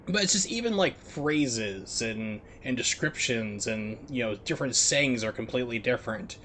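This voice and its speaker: A man's voice: medium pitch, animated, moderate pace, hardly any pauses, bright, forceful tone, a little hiss or hum. An American man streaming a video game, chatting casually and rambling with lots of fillers. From United States. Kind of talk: casual chat while gaming.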